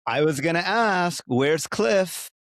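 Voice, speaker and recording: A man co-hosting a casual podcast, animated and joking as he argues his picks. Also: on the high side, slow, dry recording, clean studio sound. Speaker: podcast co-host, father.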